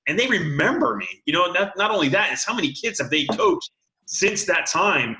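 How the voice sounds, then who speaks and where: A man in his late forties, a high school football coach, telling stories as an interview guest and acting out what people said. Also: moderate pace, background noise. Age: late 40s. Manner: animated storyteller, acts out quotes, laughs often. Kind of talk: casual interview storytelling.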